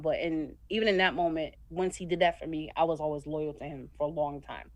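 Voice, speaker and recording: A woman's voice: deep voice, fairly even intonation, fairly quick, no echo. A woman from Connecticut, a voiceover artist, telling candid stories as a guest in a casual radio interview. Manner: candid storytelling, acts out her own thoughts.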